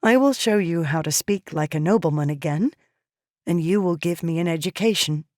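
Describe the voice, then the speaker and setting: A woman's voice: lowish voice, normal speed, darkish tone, dry recording, studio quality, lightly acted. A woman voicing an earnest, timid but determined young slave girl in an audiobook. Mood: eager. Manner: pleading, earnest. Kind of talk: audiobook character voice.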